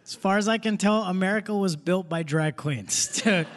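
On a theater stage, a young man performs live stand-up into a stage microphone, casual and punchy, laughing as he goes while the audience laughs in the background. His voice sits high and his pace is moderate.

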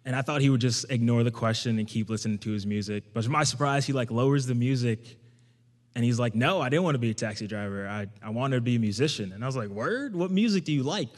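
A young man telling a personal story to an audience in a casual, conversational way, getting animated when he quotes himself. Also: mid-range voice, quick pace. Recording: long hall reverb.

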